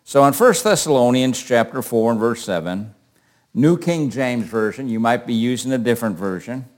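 A man's voice: medium pitch, moderate pace. An older man teaching a Bible class in a conversational way, asking questions and calling on readers.

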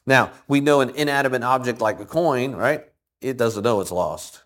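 Animated and a bit bright, his mid-range voice moves at normal speed. He's an older preacher and grandfather who tells a Bible story to a group, acting out the quotes and constantly drawing responses from them with questions.

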